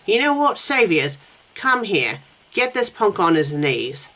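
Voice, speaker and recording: A woman's voice: mid-range voice, measured pace. A woman reading the lines of a menacing, swaggering male gang leader in her own plain voice. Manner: cocky, profane threats read flatly.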